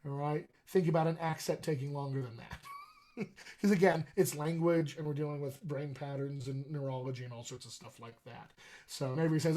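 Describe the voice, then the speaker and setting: A man's voice: a little high, darkish tone. Chatty enthusiastic male dialect coach. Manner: enthusiastic, chatty, answers viewer questions directly. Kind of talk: live Q&A session.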